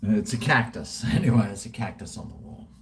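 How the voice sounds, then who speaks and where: A man's voice: lowish voice, fairly quick, a little hiss or hum. Rambling man in his fifties. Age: 50s. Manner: chatty, self-mocking, talks to himself while drinking. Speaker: livestream host. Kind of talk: casual rambling livestream chat. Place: at home indoors.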